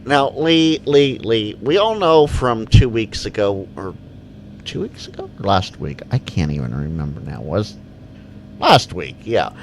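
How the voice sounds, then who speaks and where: Slow, rambling male livestream host. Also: lowish voice, sing-song, gravelly, a little hiss or hum. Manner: rambling, reads viewer comments aloud and answers. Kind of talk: casual live chat.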